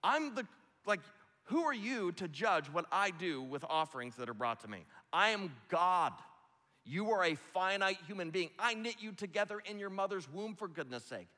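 A man's voice: sits high, sing-song, normal speed, pushed and bright, in a large hall, voice pushed up, heavily acted. A man voicing God as an exasperated, stern male figure who mockingly rebukes a listener.

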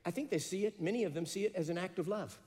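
A man's voice: sits high, fast talker, a little mellow, big-room sound. A man preaching a sermon, telling stories and building to emphatic peaks. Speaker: pastor.

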